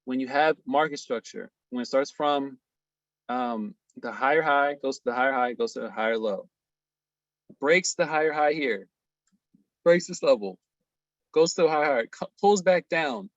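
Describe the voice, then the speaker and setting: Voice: medium pitch, moderate pace, no echo, muffled recording. Slangy, playful trading instructor. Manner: slangy, playful, emphatic, asks "okay?" constantly. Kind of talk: casual screen-share lesson.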